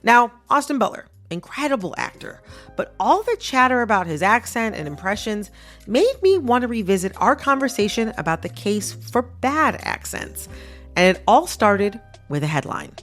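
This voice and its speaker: Female podcast host, animated pitch, emphatic, playfully indignant, studio mic, faint music under. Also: normal speed. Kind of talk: scripted radio narration and interview. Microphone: studio microphone.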